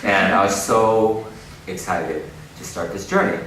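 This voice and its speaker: A man giving an inspirational keynote talk, telling stories in an animated way with frequent laughter. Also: sits low, measured pace, a crowd in the background. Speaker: keynote speaker. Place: large conference hall. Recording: echoey hall, distant mic, noisy.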